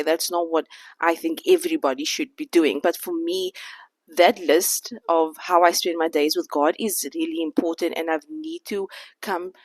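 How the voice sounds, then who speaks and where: A woman's voice: low-pitched, dry recording, low-quality recording. A woman in her thirties talking candidly to camera in a sit-down vlog, reflective and a little out of breath. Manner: candid, reflective, faith-centered. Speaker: vlogger.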